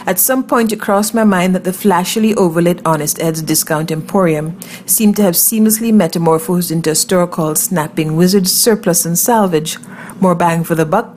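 Brief: woman narrator, lowish voice, wry conversational first-person reading, faint ambience. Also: a little mellow, slight background noise. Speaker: story narrator.

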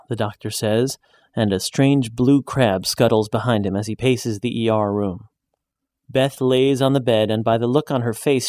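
Man narrating a story, dry close sound. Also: no room sound. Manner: even, measured storytelling, lifting his pitch for the woman's lines.

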